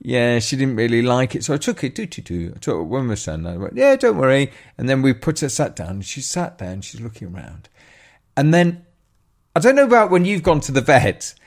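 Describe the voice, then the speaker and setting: A man, co-hosting a show and telling a story in lively casual chat, often laughing and swearing. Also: a little high. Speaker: radio co-host.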